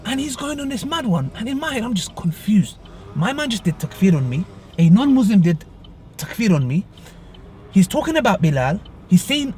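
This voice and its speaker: A man's voice: high voice, big pitch swings, brisk, darkish tone, a little hiss or hum. A young man, casually retelling a road argument in a vlog from his car. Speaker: vlogger. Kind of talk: casual storytelling.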